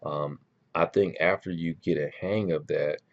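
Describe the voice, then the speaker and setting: Man, very deep voice, rambling casual advice, lots of ums, dull lo-fi recording. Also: a little slow. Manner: relaxed, rambling, many ums and restarts. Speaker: language learning vlogger.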